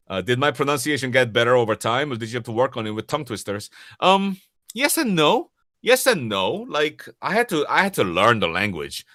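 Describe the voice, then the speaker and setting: A man from Korea with a Korean accent, whose first language is Korean, answering audience questions as a voice actor in a casual Q&A, lively and chuckling often as he restarts and repeats words. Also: mid-range voice, fairly quick, no echo, clean studio sound. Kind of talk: casual livestream Q&A.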